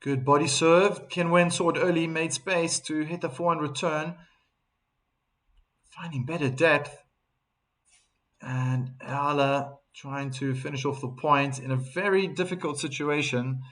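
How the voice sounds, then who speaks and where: A man with a South African accent hosting a live tennis watchalong, chatting with viewers and breaking into excited calls on big points. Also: fairly high pitch, a little slow. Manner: chatty, reads viewer chat messages aloud between calls. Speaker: host and tennis commentator.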